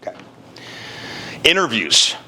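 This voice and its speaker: A man presenting a podcasting workshop to a live group, giving blunt, joking advice and acting out quoted lines in a higher voice. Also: slow pace, a little hiss or hum. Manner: animated storyteller, acts out quotes in high voices. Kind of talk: energetic teaching talk to a live group.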